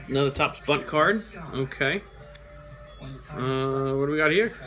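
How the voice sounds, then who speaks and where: A man's voice: a little high, bright, forceful tone. A man hosting a toy show, chatting casually as he reads out names and makes joking asides. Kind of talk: casual card-opening chat.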